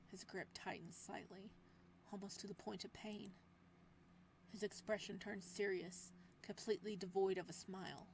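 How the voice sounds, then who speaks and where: A woman's voice: mid-range voice, moderate pace, gravelly, slight background noise. Young woman narrating a horror visual novel. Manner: expressive, jokey asides that turn loud and animated. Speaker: gamer reading a visual novel. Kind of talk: game playthrough narration with casual commentary.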